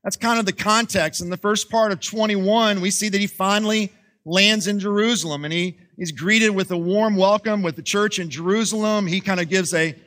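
Casual preacher, male, high-pitched, talks through a Bible passage like he's chatting. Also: normal speed, a bit bright. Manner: casual storytelling, frequent restarts and fillers. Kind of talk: sermon.

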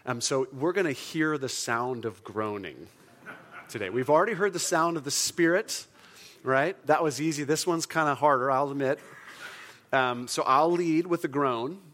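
A man's voice: medium pitch, a bit bright. A man preaching a sermon to his congregation in an earnest, conversational way, leading the room in call-and-response. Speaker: pastor.

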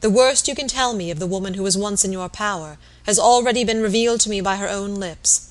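A woman reading aloud as an earnest young gentleman, formal and firm, pleading with a sick man. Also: medium pitch, fast, close to an everyday voice, rough recording. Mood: earnest plea.

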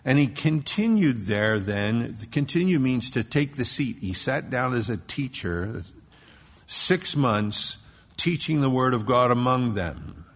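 A man from Philadelphia preaching a sermon as pastor, emphatic, dropping to a hush and rising to loud stresses. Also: medium pitch, expressive, takes it slowly. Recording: long hall reverb.

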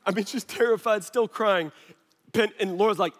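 A man in his thirties, a pastor preaching a sermon through an animated personal story full of quick asides. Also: high voice. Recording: long hall reverb.

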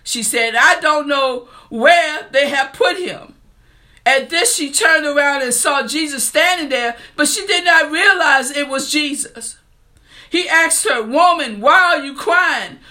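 A woman's voice: high-pitched, measured pace, pushed and bright. A woman preaching a sermon, reading scripture aloud and speaking to her listeners in an earnest, heartfelt way.

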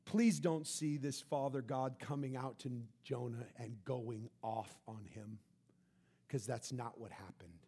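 A man preaching a sermon, emphatic, rising loud then dropping soft. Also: mid-range voice, a little slow, husky. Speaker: pastor.

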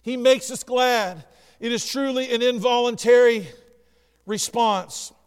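A man preaching a sermon as pastor, swinging from hushed asides to shouted lines. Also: extremely high pitch, measured pace, clear, resonant tone. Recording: church hall with long reverb.

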